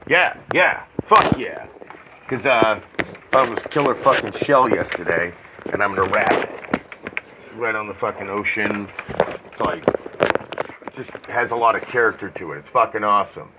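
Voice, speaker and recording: A man's voice: fairly low pitch, moderate pace, pauses often, very noisy. A man in casual phone chat, rambling and swearing as he talks through his thoughts. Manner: rambling, swearing, self-reflective. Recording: muffled lo-fi phone call.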